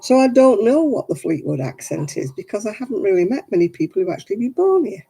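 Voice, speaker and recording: A woman from Oldham with a softened northern English accent, chatting casually on her crafting video and laughing often. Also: mid-range voice, very animated, quick pace, husky. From Oldham, England. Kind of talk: casual chat.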